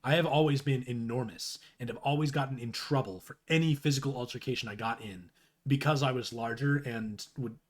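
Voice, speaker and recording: A man's voice: medium pitch, fairly quick. A young man chatting casually on a live stream, rambling and self-deprecating, with frequent restarts. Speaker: streamer reading a webcomic aloud.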